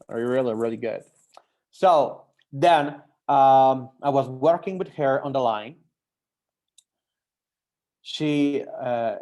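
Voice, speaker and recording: A young Mexican man talks to language learners in English, his second language, with a Mexican accent. His delivery is halting, full of restarts and fillers as he searches for words. His voice sits at a middle pitch for a man. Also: a little mellow. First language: Spanish. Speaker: French teacher. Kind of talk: personal talk to language learners.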